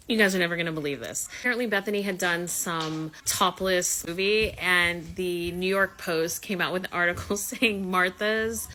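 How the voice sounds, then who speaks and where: A woman's voice: on the low side, pushed and bright. A woman telling a celebrity gossip story straight to a phone camera, chatty and full of profanity. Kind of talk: casual storytime.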